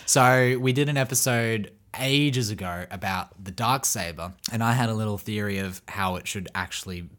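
A man's voice: on the low side, moderate pace, few pauses, a bit bright. A man from the United States co-hosting a podcast in casual chat, laughing often as he reads out listener comments. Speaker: podcast co-host.

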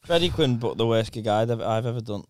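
A man's voice: mid-range voice, animated, fast, a little mellow, slight background noise. A comedian telling a story about a bad gig in casual chat, slangy and laughing as he goes. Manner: laughs through his stories, slangy. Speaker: stand-up comedian.

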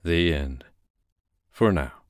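Very deep-voiced male narrator. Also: lively intonation, no echo, studio quality. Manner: slow, measured first-person reading. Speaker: narrator and host. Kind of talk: reading an erotic fiction excerpt.

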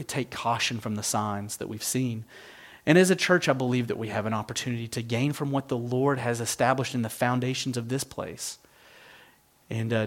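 A middle-aged male pastor delivers a sermon at a moderate, mid-range pitch. He preaches earnestly and reflectively, in a conversational way.

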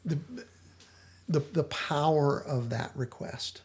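Man, podcast host, gravelly voice, casual chat, retells scenes, frequent restarts. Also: on the high side, normal speed. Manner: animated retelling with many restarts and fillers. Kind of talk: casual discussion of a TV episode.

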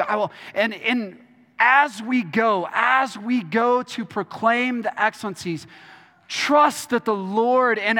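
Pastor from Texas, very high and bright voice, earnest, stumbling restarts, reverberant church hall. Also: male voice. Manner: earnest, repeats words and restarts often. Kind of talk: sermon.

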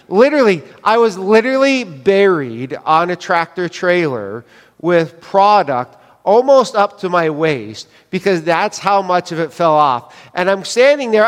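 A pastor with a high voice preaches to his congregation in a casual, joking way, asking them questions and telling stories. He walks around with a wireless mic. The sound rings with the long reverb of a church sanctuary. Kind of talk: sermon. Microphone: wireless mic, moving around.

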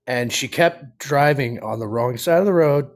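A man's voice: medium pitch, moderate pace. A man co-hosting a talk show, chatting in an easygoing, agreeable way. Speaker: co-host. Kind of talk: casual chat.

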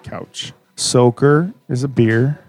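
Gravelly, dark-voiced man quizzing. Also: medium pitch, slow. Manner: curious, quizzing questions off a list. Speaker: host. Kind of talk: casual chat.

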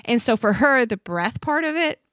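A woman's voice: a little high, expressive, normal speed, fairly bright tone, clean tone, dry recording, clean studio sound. A woman speaking as a podcast guest, earnest and reflective as she talks about her faith. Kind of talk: conversational interview.

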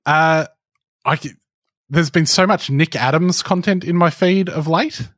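A man's voice: fairly high pitch, unhurried, a bit bright, dry recording. A man co-hosting a casual podcast chat, talking with wry, dry teasing. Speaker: podcast co-host.

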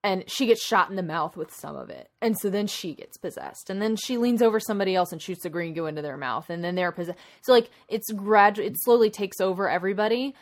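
A woman co-hosting a casual chat, retelling a movie plot in a rambling, animated way full of asides. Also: medium pitch, fast, hardly any pauses. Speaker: podcast co-host.

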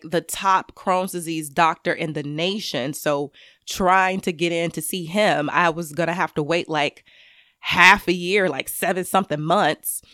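A woman giving an intense personal monologue to camera, swearing freely and swinging between loud anger and quiet grief. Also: on the low side, no room sound, studio quality. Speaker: commentator speaking to camera.

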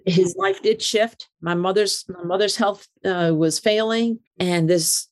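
An older woman, a podcast guest, tells an emotional personal story in an animated way, repeating and restarting her words. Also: mid-range voice, a little slow. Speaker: interview guest.

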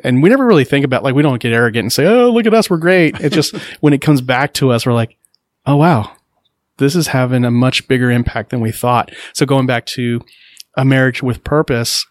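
A man's voice: mid-range voice, fairly quick, no echo. A man in his forties hosting a podcast, telling stories in a chatty, joking way. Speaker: podcast host. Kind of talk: casual conversation, storytelling.

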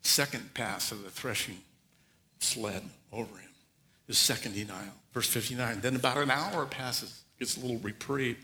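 A man preaching a sermon, telling the story with lively acted-out asides. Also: mid-range voice, moderate pace, big-room sound. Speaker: pastor.

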